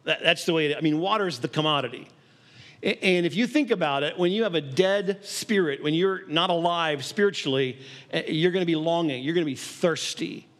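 A man's voice: a little high, a little fast, fairly bright tone. A man preaching a sermon in a conversational way, acting out little scenes and laughing along the way. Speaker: pastor.

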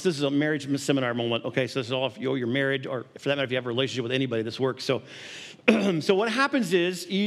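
A man preaching a sermon in a conversational way, acting out little scenes and laughing along the way. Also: high voice. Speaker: pastor.

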